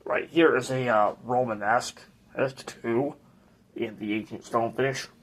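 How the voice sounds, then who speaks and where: Slow, hesitant man. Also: medium pitch, fairly even intonation. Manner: hesitant and rambling, with many restarts. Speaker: ceiling fan collector and channel host. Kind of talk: casual collection tour video.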